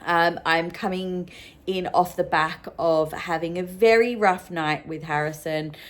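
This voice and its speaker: Young woman, lowish voice, candid and raw vlog confessional, sleep-deprived. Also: steady tone, unhurried. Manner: open and emotional, many fillers. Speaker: vlogger, solo mum.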